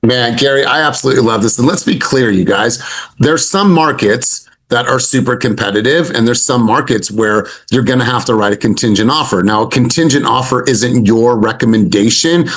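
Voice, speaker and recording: A man coaching a sales team over a video call. His voice has a middle pitch. He is upbeat and direct and keeps calling out to the group. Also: moderate pace, fairly bright tone. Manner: upbeat, direct, addresses the group as "you guys".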